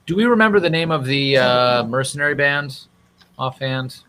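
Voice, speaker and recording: Bright-voiced hesitant male player. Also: mid-range voice, normal speed. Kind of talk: in-character tabletop play.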